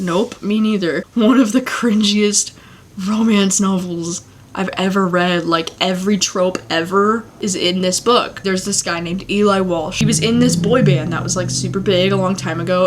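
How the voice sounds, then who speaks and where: A young woman giving a casual, blunt book review rant, swearing often and sounding exasperated. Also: mid-range voice. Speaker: book vlogger.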